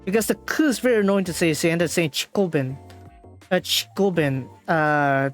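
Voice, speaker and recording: A woman streaming a game, reading the dialogue aloud and translating it, with halting speech full of fillers and restarts. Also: fairly low pitch, soft background music.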